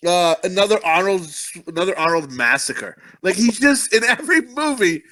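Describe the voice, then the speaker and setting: A man riffs on a film with a podcast crew, swearing freely and laughing at his own jokes. His voice sits high and bright, swinging up and down with animated energy. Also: moderate pace. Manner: crude, profane and joking, laughing often. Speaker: podcast co-host. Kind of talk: casual movie review chat.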